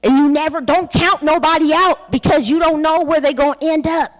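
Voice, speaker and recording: Conference speaker: a woman in her forties with a high voice, blunt and profane, in a reverberant hall. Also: steady tone, a little fast. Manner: candid, blunt, profane storytelling. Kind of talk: personal testimony talk.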